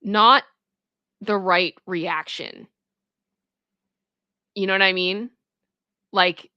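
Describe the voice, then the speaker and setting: A woman streamer reading a story aloud for the first time and breaking in with animated, exclaiming reactions. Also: medium pitch, slow pace, pauses often, dry recording, lo-fi sound. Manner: animated, exclaiming reactions between read passages.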